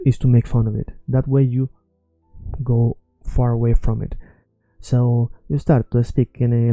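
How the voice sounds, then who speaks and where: A man's voice: medium pitch, dark tone, no room sound, low-quality recording. A man teaching an online language lesson, talking casually and often checking in with "okay?" and "right?".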